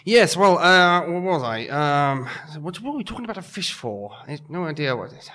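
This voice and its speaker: A man putting on a flustered, snobbish hotel owner who rattles off huffy, dismissive asides. The voice is bright and fairly high for a man. It is an improv comedy impression. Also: very animated. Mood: irritable. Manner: huffy, rushed and dismissive, muttering.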